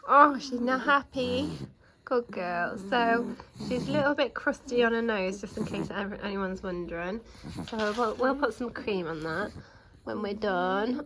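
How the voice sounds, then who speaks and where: A young British woman pet sitter in a casual vlog, cooing to animals in soft baby talk while bathing them at home. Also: a little high, unhurried. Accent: British English. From United Kingdom. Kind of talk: casual vlog talking to pets.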